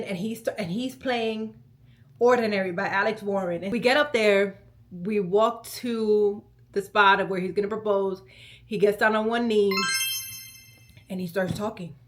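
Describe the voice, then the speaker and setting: Chatty, slightly high-voiced young woman storyteller. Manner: animated, chatty storytelling with lots of "like" and "let me tell you". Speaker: vlogger. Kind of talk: storytime vlog.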